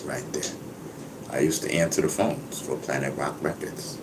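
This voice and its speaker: A man's voice: a bass voice, fairly even intonation, normal speed, background noise. A man talking casually to his viewers, boastful and laughing, who keeps saying "you know what I mean". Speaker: vlogger.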